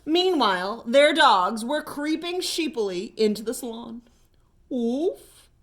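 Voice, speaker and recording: A woman librarian with an American accent, reading a picture book aloud at storytime in an expressive way. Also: fairly high pitch, a little slow. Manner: animated, expressive. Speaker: children's librarian.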